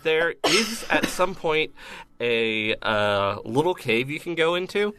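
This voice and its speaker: A man's voice: a little high, big pitch swings, takes it slowly, pushed and bright, clear, resonant tone, dry recording. A man chatting casually on a podcast, recounting things in long, detailed stretches. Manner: detailed, rambling recounting of events. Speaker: podcast co-host. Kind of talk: casual chat.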